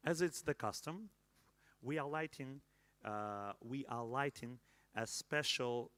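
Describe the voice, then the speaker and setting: Israeli man, mid-range voice, halting prayer leader with playful asides, dry recording. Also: mid-range voice, a bit bright, no room sound. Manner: halting with many fillers, joking asides to the crowd. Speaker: leader of a candle-lighting prayer. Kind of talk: prayer and remarks at a live celebration.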